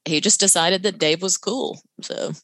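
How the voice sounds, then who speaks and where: A middle-aged woman telling a personal story in a lively way, laughing now and then. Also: on the low side, normal speed, dry recording. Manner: animated, laughs while telling, voice jumps up on quotes. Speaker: guest telling her story. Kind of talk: conversational storytelling.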